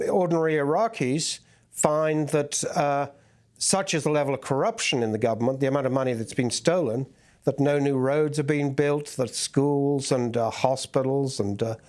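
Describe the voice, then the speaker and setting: A male correspondent speaks on a news programme at a middling pitch. He explains things in a measured way and keeps stopping on ums and uhs while he gathers his thoughts. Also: a little mellow. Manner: reporting in a measured way with many fillers. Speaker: foreign correspondent. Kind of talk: news interview.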